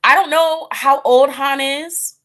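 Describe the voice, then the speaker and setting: A woman's voice: sits high, fairly even intonation, slow pace, a bit bright. Chatty woman livestreaming, rambling. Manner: chatty and rambling, with frequent fillers and laughs; acts out her own reactions in quoted voices. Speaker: tarot reader hosting a live stream. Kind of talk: casual livestream chat.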